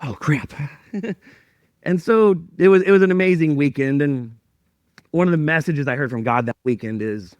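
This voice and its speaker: A male pastor telling a personal story in a sermon, animated and self-mocking as he acts out his own thoughts. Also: fairly high pitch, a little fast, clean tone, dry recording.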